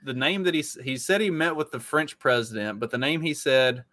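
A man co-hosts a podcast of casual political commentary, speaking in a mid-range voice that's animated, brisk, bright and forceful. He rambles casually with plenty of fillers, and the recording has no room sound.

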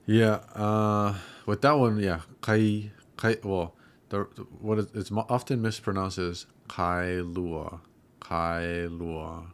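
A man in casual podcast chat, patiently explaining pronunciation and slowing words down to demonstrate them. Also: lowish voice, fairly even intonation.

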